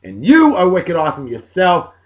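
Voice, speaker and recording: A middle-aged man, hosting a casual podcast and giving exuberant, folksy birthday shout-outs. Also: high voice, huge pitch swings, normal speed, highs cut off. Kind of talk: casual chat.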